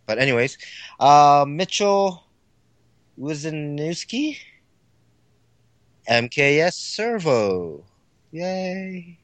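A man's voice: on the high side, very animated, very slow, pauses often, dry recording. A man hosting a hobby podcast, casually reading out listener names and plugging the show's links. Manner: easygoing, reads out listener names and plugs. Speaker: podcast host.

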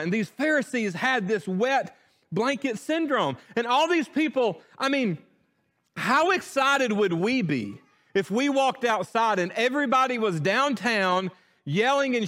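A man preaching a sermon, animated, repeating words as he restarts his thoughts. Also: high voice. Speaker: pastor.

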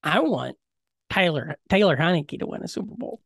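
A man co-hosting a podcast in casual chat, animated and joking, swearing often as he jumps between topics. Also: fairly high pitch, moderate pace, gravelly, no room sound, studio quality. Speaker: podcast co-host.

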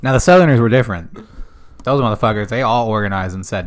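A young man co-hosting a podcast, chatting casually and acting out quoted characters in an animated way. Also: fairly low pitch, quick pace. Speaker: podcast co-host. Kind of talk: casual chat.

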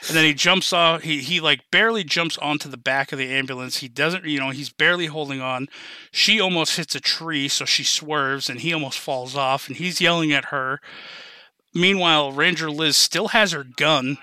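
A man's voice: fairly high pitch, moderate pace, sharp tone, no room sound. A man hosting a casual podcast, retelling a movie scene with enthusiastic, rambling energy and fillers. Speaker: podcast host. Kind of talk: casual movie recap chat.

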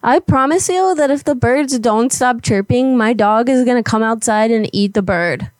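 A woman's voice: a little high, normal speed, no echo. Playful giggly young-sounding woman. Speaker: co-host and prank caller. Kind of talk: casual live-show chat.

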